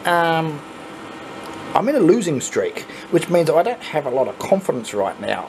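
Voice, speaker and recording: An Australian man hosting a coin pusher channel, chatting casually and swearing when excited as he plays. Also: a little high, a little hiss or hum. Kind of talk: casual commentary while playing. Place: arcade coin pusher machine.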